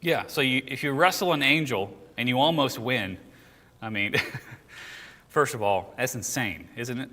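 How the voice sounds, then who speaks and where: A man teaching a Bible class in a church room, reading scripture aloud and explaining it in a relaxed, joking way while quizzing his listeners. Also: medium pitch, a little slow, long reverb tail.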